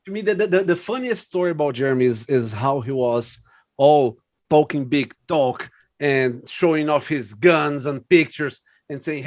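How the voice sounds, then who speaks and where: A man in a casual podcast chat, his voice slightly high and close with a dry sound. He stammers and repeats words before getting going. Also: moderate pace, darkish tone, dry recording.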